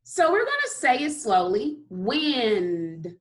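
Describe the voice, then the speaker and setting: A woman's voice: on the high side, lively intonation, fairly bright tone. A woman teaching a recorded phonics lesson to kindergarteners, sounding out letters and praising often. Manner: slow, encouraging, sounds out letters.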